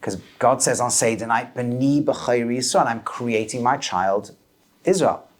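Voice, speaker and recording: Animated man teaching a lively class. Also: mid-range voice, a little slow. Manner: animated, questions students, mixes Hebrew terms. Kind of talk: lively Torah class lecture. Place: classroom with students present.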